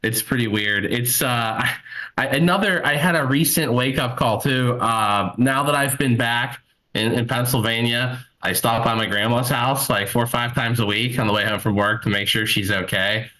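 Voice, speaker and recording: A thirty-something man performs stand-up from home, sitting at his computer and using the computer mic on a video call. His medium-pitched voice sounds pushed and bright at normal speed, though the recording is rough. He rambles through self-mocking stories, filling them with fillers.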